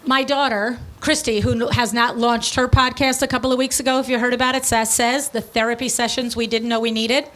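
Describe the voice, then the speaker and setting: High-voiced woman telling a brisk story. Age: middle-aged. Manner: animated, breezy and blunt, with quick asides and acted-out dialogue. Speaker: podcast host and business owner. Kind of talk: casual storytelling.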